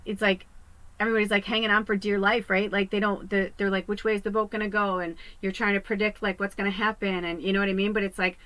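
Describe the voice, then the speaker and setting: A woman's voice: mid-range voice, flat delivery, fast, sharp tone, no room sound, rough recording. A woman medium from the US West Coast talking in a casual spiritual monologue, rambling and chatty, swearing freely. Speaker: psychic medium. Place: home podcast set.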